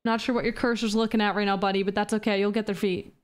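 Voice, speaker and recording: A woman streaming a shooter game, chatting casually with her viewers, reading chat aloud and swearing between plays while feeling a bit unwell and low on energy. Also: flat delivery, fast. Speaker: VTuber streamer.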